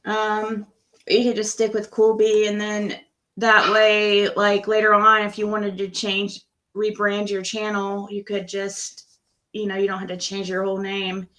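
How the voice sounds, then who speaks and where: A woman in her sixties hosting a casual late-night livestream chat, relaxed and chatty, laughing often. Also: mid-range voice, unhurried. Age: 60s. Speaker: livestream host.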